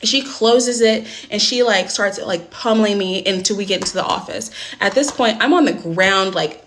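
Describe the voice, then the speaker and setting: A young woman telling a personal story in a casual storytime vlog, blunt and swearing often, speeding up and getting animated when upset. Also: mid-range voice, normal speed, a little hiss or hum.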